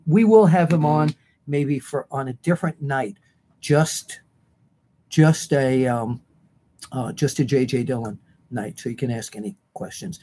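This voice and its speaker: Male host, gushing and chatty, slightly high voice. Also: darkish tone. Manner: effusive and chatty. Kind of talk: casual chat.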